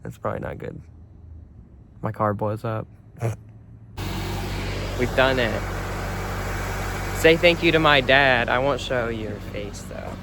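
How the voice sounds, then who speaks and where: A young man vlogging by his car at night, chatty and self-mocking, breaking into loud exclamations. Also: medium pitch, slow, creaky, long pauses, slight background noise. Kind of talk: casual vlog.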